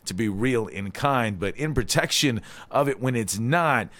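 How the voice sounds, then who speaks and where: A man's voice: mid-range voice, lively intonation, unhurried, fairly bright tone, dry recording. A man in his forties from Hawaii hosting a live community radio show in a loose, rambling way, tossing in "all right?" asides.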